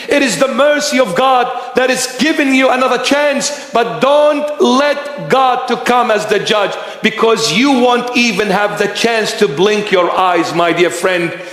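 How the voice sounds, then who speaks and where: Slow, high-pitched preaching bishop in echo. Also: male voice, fairly bright tone. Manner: impassioned, rhetorical questions, dramatic pitch swings. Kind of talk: sermon. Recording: echoey church hall reverb.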